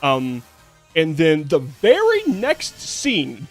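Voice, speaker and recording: Guy streaming a game, kinda high voice, rambly with lots of ums, sarcastic, faint music under it. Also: huge pitch swings, unhurried. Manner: rambling, lots of fillers and restarts; swears casually, sarcastic. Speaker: VTuber streamer. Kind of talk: casual gameplay commentary.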